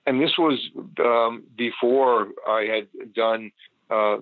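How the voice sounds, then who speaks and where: A man's voice: medium pitch, steady tone, takes it slowly, dry recording. An older man, a photographer, recalling his past in a rambling, casual interview. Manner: rambling, with many restarts and fillers. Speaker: photographer guest. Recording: tinny phone line, dry.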